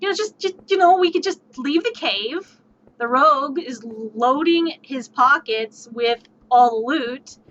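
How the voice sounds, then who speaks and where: A woman streamer telling a tabletop game story in an animated, exasperated way, swearing freely, on dull lo-fi stream audio. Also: sits high, a little slow, slight background noise.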